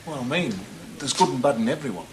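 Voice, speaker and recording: A man's voice: medium pitch, animated, noisy background, lightly acted. An actor playing a puzzled male student who questions his teacher uneasily. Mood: uneasy. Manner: quick, uneasy. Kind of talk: 1970s television drama acting.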